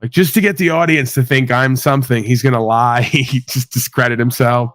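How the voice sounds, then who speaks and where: A man's voice: mid-range voice, fairly even intonation, brisk, a bit bright, no echo. A man hosting a livestream, ranting casually with blunt, sweary sarcasm. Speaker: livestream host.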